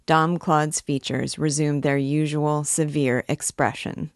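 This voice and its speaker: A woman reading a classic novel aloud with steady, expressive delivery. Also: sits low, takes it slowly, no room sound, studio quality. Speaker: reader.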